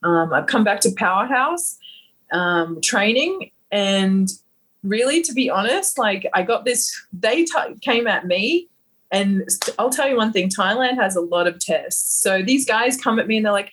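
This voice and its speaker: A woman's voice: mid-range voice, animated, unhurried, a bit bright, slightly rough, low-quality recording. A woman from Queensland with an Australian accent, a guest on a podcast interview, telling stories bluntly and animatedly and swearing freely. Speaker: guest, fighter.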